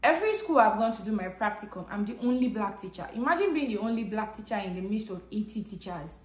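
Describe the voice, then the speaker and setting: A Nigerian woman vlogger with a Nigerian English accent tells a personal story to camera, earnest and conversational. Her voice is medium in pitch, expressive and fast, recorded in an echoey room.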